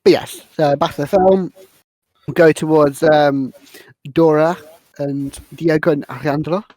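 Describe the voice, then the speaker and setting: A woman's voice: sits low, fairly even intonation, measured pace, dark tone, no room sound, poor audio. A woman hosting a casual podcast, rambling through a film recap and stumbling over her words. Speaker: podcast host.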